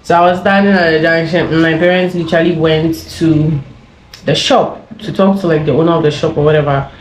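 A woman's voice: low voice, fairly even intonation, a little fast, a little hiss or hum. Chatty young woman from Ghana. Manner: chatty, laughing, rambling with many fillers. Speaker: YouTuber. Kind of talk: casual story time. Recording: echoey room with faint ambience.

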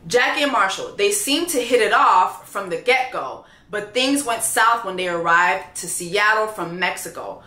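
A woman reviewing a reality dating show, ranting loudly and profanely in casual commentary. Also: medium pitch, normal speed, hardly any pauses, reverberant. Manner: loud, profane, animated ranting.

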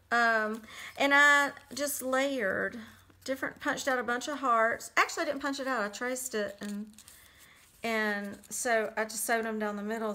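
A woman casually talking through a handmade journal she made, chatty and relaxed with lots of little fillers. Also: on the high side. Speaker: crafter showing a handmade journal. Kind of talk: casual flip-through narration.

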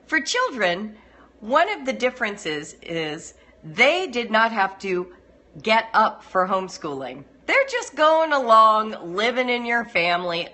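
A woman's voice: medium pitch, pushed and bright. A middle-aged woman giving a chatty live-streamed talk to home-educating parents, laughing often as she goes.

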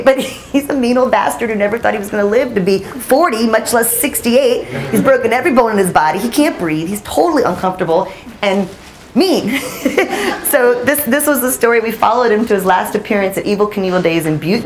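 A woman's voice: on the high side, lively intonation, fairly quick, background noise. A woman in her forties, a journalist giving a storytelling talk to a room of listeners, chatty and self-deprecating, laughing often. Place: audience room.

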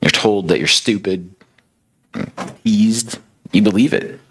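A man's voice: on the low side, slow pace, fairly bright tone, slight background noise. A male preacher retelling a story in a sermon, conversational and dramatic, with casual fillers.

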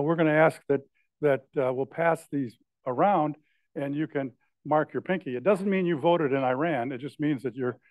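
A man's voice: on the high side, no echo, narrow, tinny audio. A man presiding over a club meeting, making announcements in a loose, chatty way with joking asides.

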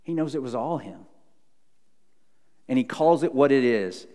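A male pastor preaching a sermon, earnest, moving between loud emphasis and hushed low tones. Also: expressive, a little slow, big-room sound. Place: church sanctuary.

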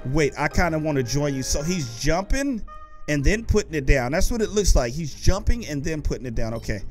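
A young man giving excited let's-play commentary while gaming, often shouting and taunting the monsters. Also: on the high side, a little fast, soft background music. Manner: animated, shouts and taunts in-game enemies. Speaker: gaming YouTuber.

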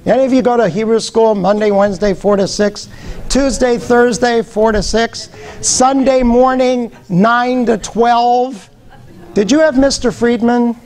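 A man's voice: very high-pitched, fairly even intonation, unhurried, darkish tone. An older man from Nebraska giving a humorous storytelling lecture, joking and quizzing his audience. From Omaha, Nebraska, USA. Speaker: guest speaker.

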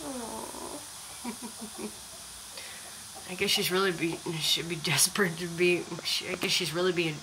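A woman's voice: lowish voice, slow pace, pauses often, sharp tone, a little hiss or hum, poor audio. A woman keeper of backyard chickens, talking casually about her hens while filming on a phone, with many restarts and fillers. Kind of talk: casual phone vlog narration. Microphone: phone camera.

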